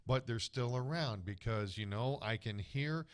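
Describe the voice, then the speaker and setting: A man's voice: mid-range voice, measured pace. A middle-aged man, a guest on a radio show, telling family stories in a rambling, casual way with many restarts.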